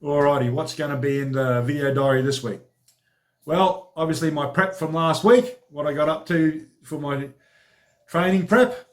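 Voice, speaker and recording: Male fitness vlogger, talks a touch higher than most men, casual and chatty, tosses in "alrighty" often. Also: normal speed. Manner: chatty, informal, upbeat, peppered with "alrighty". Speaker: personal trainer and vlog host. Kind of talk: casual training diary vlog.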